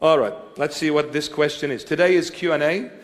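Male preacher, sermon Q&A, fairly high pitch, lots of ums, long hall echo. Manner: halting, many fillers, joking with congregation. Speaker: church bishop preaching. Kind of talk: sermon with question and answer. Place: church hall with congregation. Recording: long reverb of a large hall.

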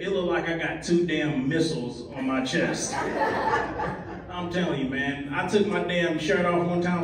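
A man hosting a comedy show, doing loose, rambling crowd work and teasing the audience. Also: on the high side. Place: comedy club with live audience. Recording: roomy echo, distant mic, crowd laughter.

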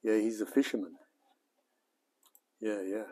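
Laid-back Australian man, low unhurried voice. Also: fairly even intonation, mellow, slightly rough. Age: late 40s. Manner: laid-back, rambling, with bloody and mate slang. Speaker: live-streaming home mechanic. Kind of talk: casual live-stream chat.

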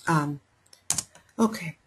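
A woman's voice: low voice, extremely slow, a bit bright, slight background noise. A woman hosting a live health webinar, talking in a chatty way and reading out and answering viewers' chat messages. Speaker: webinar host.

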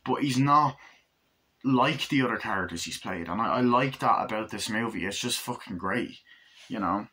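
A man's voice: on the low side, moderate pace, pushed and bright, slightly rough. A man casually reviewing a film for his vlog, enthusiastic and swearing freely as he acts out scenes. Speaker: movie reviewer.

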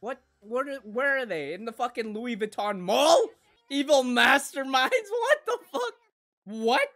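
A woman hosting an anime reaction, moving from soft cooing to loud excited squeals and swearing freely. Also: high voice, unhurried.

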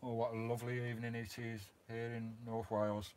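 A man's voice: mid-range voice, completely flat delivery, a little fast, darkish tone, slight background noise. A middle-aged British man hosting a casual live stream outdoors by his campervan, greeting viewers by name and chatting with them in a friendly way.

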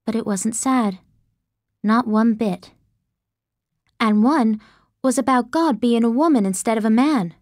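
A woman narrates a first-person story with earnest, expressive storytelling. Her voice sits fairly high. It is recorded on a close studio mic with a dry sound. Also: a little slow, pauses often, no echo. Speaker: audiobook narrator.

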